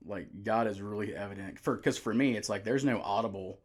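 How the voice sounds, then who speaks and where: A young adult man, a youth pastor telling his story in a relaxed, casual way with many fillers. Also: fairly low pitch, fairly quick. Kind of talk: casual podcast conversation.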